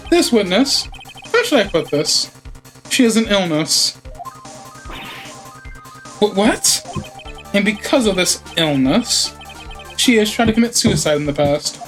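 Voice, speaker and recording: A man voicing a cold, arrogant prosecutor who speaks in cool, deliberate sentences. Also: high-pitched, sing-song, a bit bright, faint music behind, exaggerated voice. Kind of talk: game dialogue read aloud.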